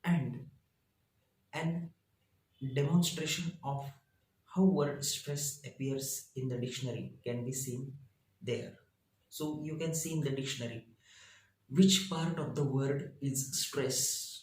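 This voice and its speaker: A man, a teacher reading his lesson out slowly in short, halting phrases. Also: mid-range voice, darkish tone, roomy sound, low-quality recording. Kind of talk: reading lesson slides aloud.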